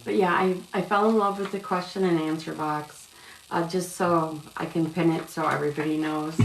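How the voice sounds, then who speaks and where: A woman's voice: deep voice, steady tone, normal speed, creaky. A woman giving casual live-stream tarot readings, rambling and calling viewers love and sweetheart. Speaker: tarot reader. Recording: echoey room with faint background noise.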